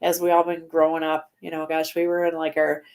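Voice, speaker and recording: A woman's voice: sits low, monotone, a little fast, darkish tone. A woman in her forties, a guest on an interview show, talking casually with lots of fillers and frequent laughs. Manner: chatty, laughs often, many fillers.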